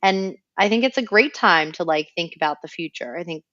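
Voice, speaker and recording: Chatty low-voiced woman, slightly dull audio. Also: brisk, pushed and bright, no echo. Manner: bubbly, chatty, uses "like" a lot. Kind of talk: casual chat.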